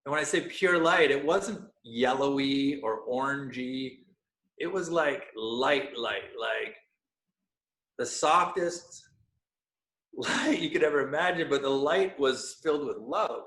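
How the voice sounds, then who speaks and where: A man's voice: a little high, a little slow, a bit bright. A man in his thirties, a podcast guest, telling a personal story in an earnest way and searching for words with many fillers. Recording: echoey room.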